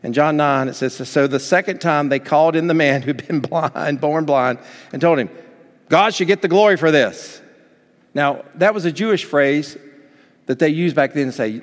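A man preaches with lively energy, jumping between a near-whisper and loud, excited lines as he plays out the people in the story. His voice sits a little high for a man. The sound carries a long reverb, as if from a large hall. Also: normal speed. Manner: animated, acts out Bible dialogue with big swings in pitch and volume. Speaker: pastor. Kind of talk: sermon.

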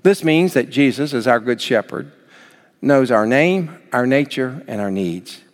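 A man preaching a sermon as pastor, swinging from soft, low passages up to near shouts. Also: animated, unhurried. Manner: dynamic preaching, rising to near shouts then dropping soft. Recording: long hall reverb.

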